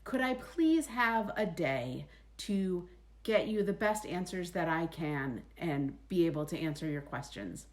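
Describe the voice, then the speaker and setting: A woman voicing a nervous male royal advisor who flatters the king with over-polite praise. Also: lowish voice, measured pace. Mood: pleading. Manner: fawning, overly polite to the king.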